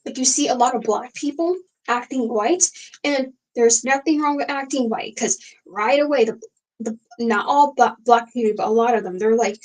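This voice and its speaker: A woman's voice: high-pitched, normal speed, darkish tone, poor audio. A young woman hosting a casual late-night livestream, talking frankly and rambling with many fillers and restarts. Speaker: livestream host.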